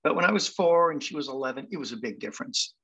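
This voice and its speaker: A man in his seventies from England with a Canadian accent, telling personal stories as a guest speaker in a wry, animated way. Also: mid-range voice, fast, slightly rough, rough recording. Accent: Canadian English. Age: 70s. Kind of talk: storytelling talk.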